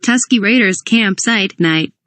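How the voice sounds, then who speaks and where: A woman's voice: mid-range voice, unhurried, background noise. A woman reading a humorous fan script aloud, stage directions included, sometimes spelling words letter by letter. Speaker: reader of a fan parody script.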